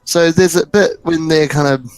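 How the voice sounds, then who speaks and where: A man co-hosting a podcast in casual chat, speaking hesitantly with lots of pauses, a little away from the mic. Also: fairly high pitch, clean tone, dry recording, faint music behind, rough recording. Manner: hesitant, many ums.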